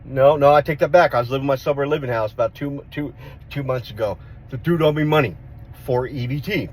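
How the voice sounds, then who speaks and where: A middle-aged man telling a street fight story in a casual vlog, rough-spoken, swearing and repeating himself as he goes. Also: mid-range voice, brisk, darkish tone, slight background noise. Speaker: vlogger.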